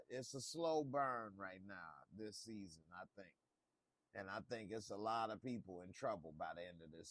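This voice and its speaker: Man, casual TV reaction commentary, joking, slow pace, dry close sound. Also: mid-range voice, a bit bright, no echo. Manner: laid-back, joking, talks back to the screen. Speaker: TV show reviewer.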